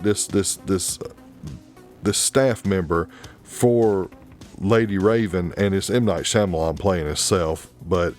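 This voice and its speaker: A man hosting a podcast, giving a casual, profane and animated movie review with plenty of exasperation. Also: fairly low pitch. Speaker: podcast host.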